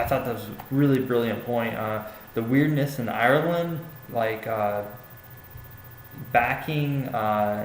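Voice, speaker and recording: A young man giving a classmate casual spoken feedback on a paper, hesitant, with many fillers and restarts. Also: medium pitch. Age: young adult. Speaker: student giving peer feedback. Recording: echoey room with faint ambient noise.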